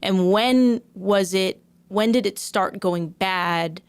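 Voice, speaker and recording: A woman's voice: medium pitch, slow pace, smooth. A woman co-hosting a podcast, speaking frankly and personally in casual chat. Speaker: podcast co-host.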